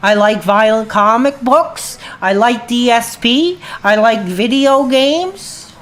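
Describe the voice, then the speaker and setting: A woman streamer rants at her chat, heated and profane, her agitation boiling over. Her voice sits a bit on the high side. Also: expressive, slow pace. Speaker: livestreamer. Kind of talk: angry livestream rant.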